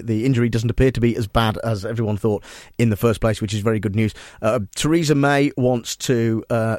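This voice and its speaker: A man hosting a satirical radio show, deadpan and mock-serious. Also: lowish voice, dry recording, studio quality. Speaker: radio host. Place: radio studio.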